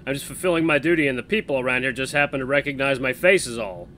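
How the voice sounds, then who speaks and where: A man voicing a friendly, straightforward young guard who talks loud and hearty. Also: mid-range voice, quick pace, slight background noise, lightly acted.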